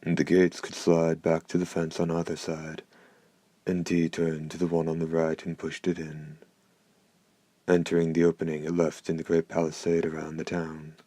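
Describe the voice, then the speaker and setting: A man reading an audiobook in steady, unhurried scripted narration. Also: very deep voice, no echo.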